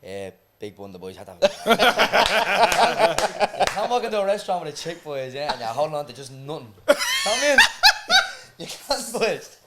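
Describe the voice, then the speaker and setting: A young man from Ireland trading loud, laughing banter with his podcast co-hosts, his pitch leaping all over the place. He swears freely and talks over the others. A heavy wash of noise sits behind his voice. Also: wildly swooping pitch, a little slow. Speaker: podcast co-host. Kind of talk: casual banter.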